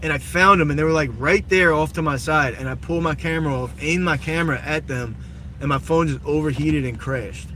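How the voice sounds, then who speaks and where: A man's voice: on the high side, a little fast. A man chatting profanely with his live chat as he drives, recorded on a phone in a moving car. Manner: rambling, profane, reads chat aloud. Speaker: livestreamer. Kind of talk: casual live-stream chat while driving. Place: inside a car while driving. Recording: loud road noise in a moving car.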